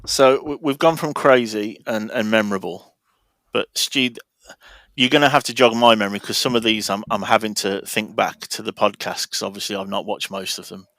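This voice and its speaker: A man's voice: fairly low pitch, steady tone, normal speed, pushed and bright, dry recording. A man hosting a casual podcast, playfully quizzing his co-hosts one by one for an awards segment.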